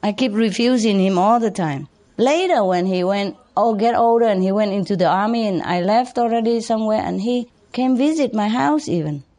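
An older woman whose first language is Vietnamese, a spiritual teacher telling life stories to followers in a chatty way, laughing often and pausing with many fillers. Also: medium pitch, dark tone. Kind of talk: storytelling talk to followers.

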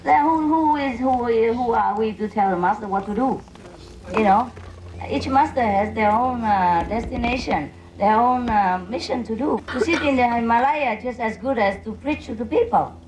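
A woman's voice: on the high side, moderate pace, background noise. A woman spiritual teacher answering questions from a gathering in non-native English, playful and laughing often.

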